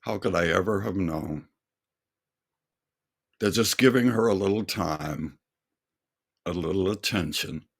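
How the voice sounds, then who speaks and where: A man's voice: low-pitched, gravelly. An older man, a singer, telling a heartfelt personal testimony in an earnest storytelling manner. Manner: slow, earnest storytelling with quoted dialogue. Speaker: singer and speaker.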